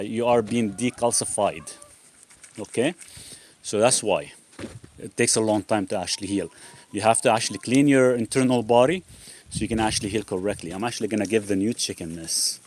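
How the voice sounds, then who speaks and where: A man's voice: lowish voice, a little fast, darkish tone, slight background noise. A man hosting a casual live Q&A outdoors in a backyard with chickens. He rambles, restarts his sentences and leans on the word "actually". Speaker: host.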